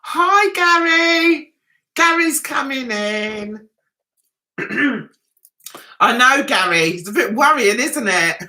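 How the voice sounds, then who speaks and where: Woman, middle-aged, livestream host, slow unhurried talk, sings up and down, self-mocking chat. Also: high voice, lively intonation, pushed and bright. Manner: chatty and self-mocking, laughs often, acts out quoted people.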